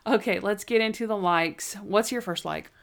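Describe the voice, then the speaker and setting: A woman co-hosting a casual podcast chat, recapping an episode and acting out quotes in lively voices. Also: medium pitch, normal speed, vocal fry. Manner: animated, acts out quotes in varied voices. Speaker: podcast co-host.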